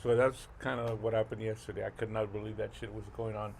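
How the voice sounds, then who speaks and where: A man's voice: lowish voice, little pitch movement, quick pace, gravelly, darkish tone, a little hiss or hum. A middle-aged man, co-hosting a podcast and telling a rambling, profane story with lots of fillers. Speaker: podcast co-host. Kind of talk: casual chat.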